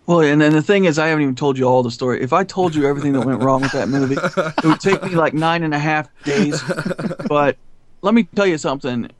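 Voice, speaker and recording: A man telling stories in an interview, animated and profane, often laughing. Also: a little high, fast talker, background noise. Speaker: filmmaker guest. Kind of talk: storytelling interview.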